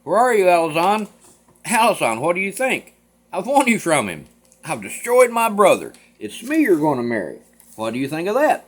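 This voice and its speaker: A man's voice: a little high, wildly swooping pitch, a little fast. A man doing a brash, boastful young suitor. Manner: loud, grandiose declamation.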